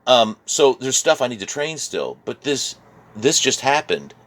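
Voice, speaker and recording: A man's voice: medium pitch, very animated, unhurried, fairly bright tone. An American man from Virginia with a mixed Midwestern-sounding accent, talking about his art in a reflective personal vlog, often laughing and repeating words. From Virginia, USA. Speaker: artist vlogger.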